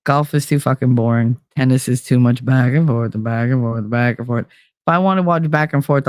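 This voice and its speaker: A woman's voice: deep voice, no echo, clean studio sound. A woman hosting a podcast, talking casually and candidly in a monologue with plenty of swearing. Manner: candid, animated, swears freely. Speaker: podcast host.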